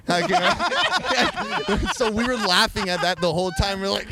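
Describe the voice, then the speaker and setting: A man telling wild stories as a podcast guest in casual chat, animated and profane, often laughing as he talks. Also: high-pitched, fairly quick, hardly any pauses, very noisy.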